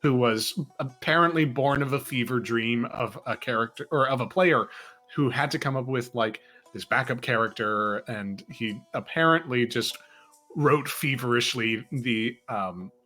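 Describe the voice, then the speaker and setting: Over faint music, a medium-pitched man with a sharp tone talks at a measured pace, co-hosting a casual game-master chat about playing characters. His delivery is rambling and thoughtful, packed with fillers and restarts.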